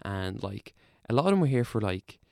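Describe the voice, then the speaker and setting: A man's voice: lowish voice, big pitch swings, normal speed, creaky, dark tone, dry recording, clean studio sound. A young man with an Irish accent telling a long hospital story in casual chat, rambling, swearing freely, and laughing through it.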